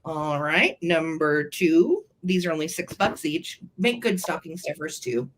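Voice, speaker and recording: Gushing woman with a lowish voice. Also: very animated, measured pace. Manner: gushing, sweet, chatty. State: throat tickle, clearing throat. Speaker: co-host of live vintage sale. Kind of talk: live selling chat.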